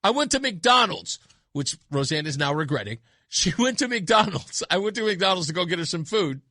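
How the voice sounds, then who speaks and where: A man's voice: high voice, lively intonation, moderate pace, sharp tone, no room sound. A man hosting a talk radio show, speaking bluntly and emphatically into a studio microphone, repeating his points for effect. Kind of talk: opinionated talk radio monologue.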